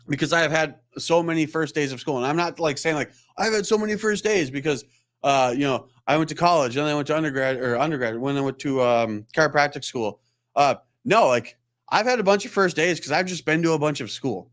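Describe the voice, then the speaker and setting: Hosting a live show, a chiropractor chats casually through a meandering story that pokes fun at himself, performing the quoted voices. He speaks on the high side, with a fairly bright tone.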